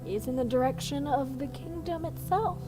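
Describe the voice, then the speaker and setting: A woman's voice: high voice, brisk, music in the background, rough recording. A woman running a tabletop game, narrating casually with lots of fillers. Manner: chatty, full of fillers. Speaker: game master.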